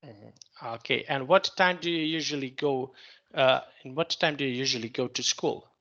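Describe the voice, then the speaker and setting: A man's voice: mid-range voice, moderate pace, pushed and bright, dull audio. A man teaching an online English lesson, patiently repeating and rephrasing each question for his student.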